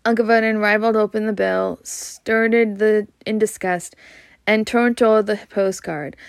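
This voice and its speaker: A woman's voice: mid-range voice, steady tone, a little slow, no room sound. A woman reading a novel aloud, often stumbling over words and restarting. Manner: stumbling, frequent restarts, self-laughing. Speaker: amateur reader.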